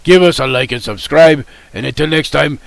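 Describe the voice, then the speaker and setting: A man voicing a show announcer in a put-on Russian accent, delivering grand outro patter in a halting way. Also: fairly high pitch, creaky, pushed and bright, no room sound, pitched above the performer's own voice, heavily acted. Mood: grandiose.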